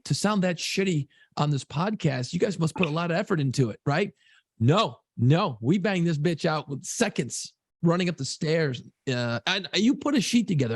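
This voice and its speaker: Gravelly man, loose profane podcast chat. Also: fairly high pitch, dry recording, studio quality. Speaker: podcast co-host.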